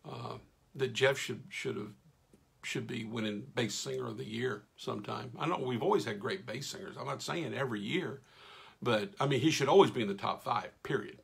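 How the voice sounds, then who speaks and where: A middle-aged man hosts a casual live stream like a radio host, reading out viewers' names and live comments with folksy enthusiasm. His mid-range voice moves at a moderate pace, gravelly with a breathy edge, as he loses his voice and it wears thin.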